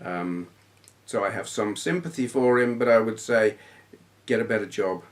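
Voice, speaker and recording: A man's voice: lowish voice, normal speed. A man in his thirties chatting casually in a vlog, telling grumbly stories in a blunt, swearing manner. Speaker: retro gaming YouTuber. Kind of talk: casual rambling vlog chat.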